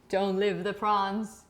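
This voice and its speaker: A woman's voice: mid-range voice, a little hiss or hum. A woman hosting a cooking chat show, playful and encouraging as she cooks with her guest in a home kitchen. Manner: warm encouraging listener, playful. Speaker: host.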